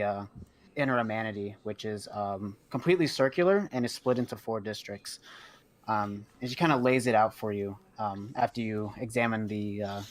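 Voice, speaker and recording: Rambling male game master. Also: fairly low pitch. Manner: rambling, many ums and uhs. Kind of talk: narrating a tabletop game.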